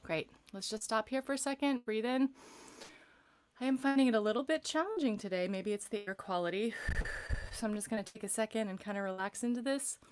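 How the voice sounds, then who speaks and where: A young adult woman vocal coach leading a live-streamed vocal warm-up from a paneled room at home, chatty and encouraging between exercises. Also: on the high side, fast, a little hiss or hum. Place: room with acoustic paneling, windows closed.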